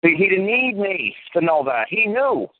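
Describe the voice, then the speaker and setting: A man's voice: high-pitched, sing-song, normal speed, dry recording. A man in his fifties giving advice on a casual phone call, blunt, profane and emphatic. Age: 50s. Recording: tinny phone line with faint hiss.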